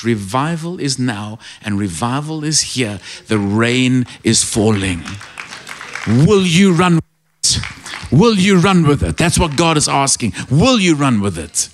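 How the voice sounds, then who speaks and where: A middle-aged man preaching a sermon, telling stories with animation and rising to shouted praise. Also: mid-range voice.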